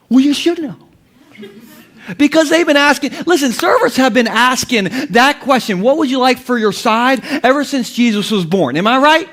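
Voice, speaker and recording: A man's voice: extremely high pitch, lively intonation, moderate pace, a bit bright. A man in his thirties preaching a humorous sermon as pastor, telling stories with jokes and laughing often.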